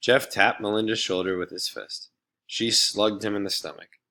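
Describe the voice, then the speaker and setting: Audiobook narrator, man, low-pitched, steady plain delivery. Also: moderate pace. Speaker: audiobook reader. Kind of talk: storybook narration.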